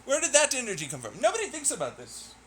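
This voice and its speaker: A man's voice: very high-pitched, huge pitch swings, fast, fairly bright tone, a little hiss or hum. A young man streaming alone, rambling while he plays, swearing, laughing and ranting in irritation. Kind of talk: rambling solo talk while playing.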